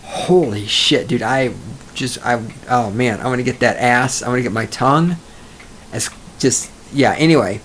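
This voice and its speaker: A man's voice: medium pitch, moderate pace, a bit bright, a little hiss or hum. Rambling, profane male podcast host. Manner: rambling, profane, self-mocking. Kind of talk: solo podcast monologue.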